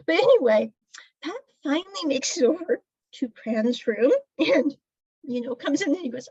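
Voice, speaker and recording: A woman's voice: sits high, animated, moderate pace, a little mellow, no echo, highs cut off. A woman casually recapping a drama episode, chatty and laughing often as she retells scenes. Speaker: drama reviewer.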